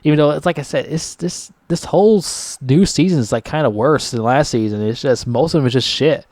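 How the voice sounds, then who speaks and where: A man's voice: on the high side, brisk, darkish tone, no room sound. A man giving a casual, profanity-laced rant reviewing a TV season, his voice jumping sharply upward when he gets annoyed. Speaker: TV show reviewer.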